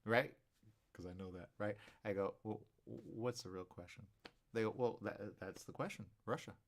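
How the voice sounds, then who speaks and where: A man hosts a live talk show in a fairly low voice at normal speed. He rambles animatedly through his monologue, playing both people in made-up dialogues, with "right?" following many of his points.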